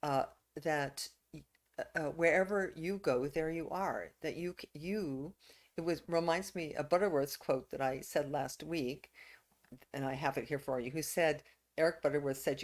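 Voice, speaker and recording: A woman minister preaching a reflective sermon, pausing with fillers and restarts. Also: low voice, a little mellow.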